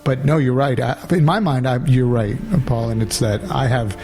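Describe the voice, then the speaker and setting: Gravelly, laughing man in casual chat. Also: mid-range voice, normal speed, music in the background. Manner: laughs often, rambling and self-correcting. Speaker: podcast co-host.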